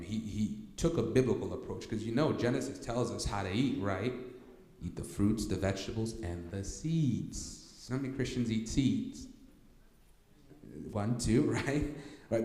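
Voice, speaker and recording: A man giving a workshop talk to an audience, telling a personal story with lively energy and often asking "okay?" to keep the room with him. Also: medium pitch. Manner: animated, repeats "okay?" to check in with listeners. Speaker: workshop speaker. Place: church hall. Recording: echoey hall with long reverb.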